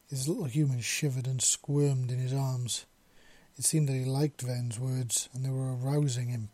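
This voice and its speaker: Man reading a story in a mellow, husky voice. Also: medium pitch. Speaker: narrator.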